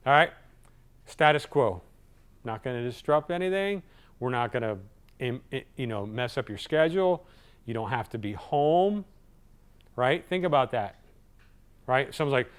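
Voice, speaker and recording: A man giving a live sales training talk in a lively, conversational way, acting out what customers say. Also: medium pitch, measured pace, pauses often, smooth. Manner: lively, acts out customer voices.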